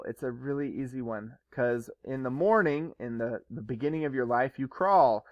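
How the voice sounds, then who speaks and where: A man's voice: medium pitch, no echo. Chatty male teacher, dry close sound. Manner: chatty, joking storytelling with quick voiced asides. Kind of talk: casual classroom lecture.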